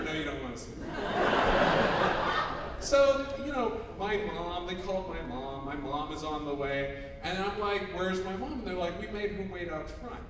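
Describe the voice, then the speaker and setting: A man telling a comic personal story on stage to a live audience, acting out the other people's lines in an animated way. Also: high voice, normal speed. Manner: animated, acts out quotes with laughter. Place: large convention hall. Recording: echoey hall, distant mic, noisy.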